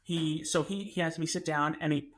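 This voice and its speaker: A man, co-hosting a podcast and telling a story in an animated way, acting out what people said. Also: a little high, moderate pace. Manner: animated, acts out quotes, many restarts. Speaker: podcast co-host. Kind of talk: casual storytelling.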